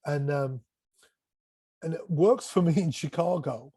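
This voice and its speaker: A man telling classroom stories in an animated way, swearing casually and acting out what people said. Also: on the high side, measured pace, husky, dry recording. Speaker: guest, music educator. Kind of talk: casual conversation, storytelling.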